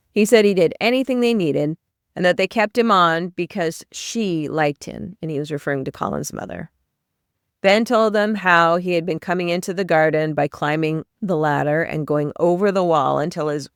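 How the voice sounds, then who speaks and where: A woman's voice: lowish voice, clear, resonant tone, no room sound, studio quality. Woman summarizing a novel. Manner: plain storytelling with brief asides. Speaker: podcast host summarizing a novel. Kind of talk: chapter-by-chapter book summary.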